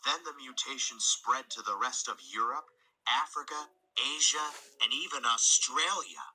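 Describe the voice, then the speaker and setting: A man narrating a fan-made storybook in a low, hushed reading voice. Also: unhurried, husky. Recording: noisy home recording.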